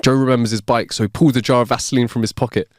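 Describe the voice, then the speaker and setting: A man's voice: mid-range voice, steady tone, racing, dry recording, studio quality. A man co-hosting a comedy podcast who tells jokes as stories and laughs at his own punchlines. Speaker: podcast co-host. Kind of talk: joke telling.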